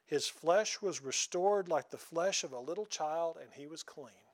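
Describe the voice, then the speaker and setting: A man's voice: on the high side, measured pace. A man preaching a sermon in a folksy, conversational way, often asking the congregation questions.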